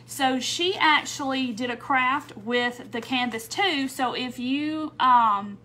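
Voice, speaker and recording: Chatty high-voiced woman. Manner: chatty, warm welcomes, frequent little laughs and "um"s. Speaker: craft livestream host. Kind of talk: casual livestream chat, greeting viewers.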